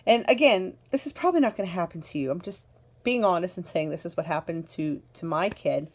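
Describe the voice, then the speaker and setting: A woman's voice: on the low side, lively intonation, fairly quick. A woman giving a casual, enthusiastic product walkthrough as a parent, chatty and repeating words for emphasis. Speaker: parent reviewing a car seat.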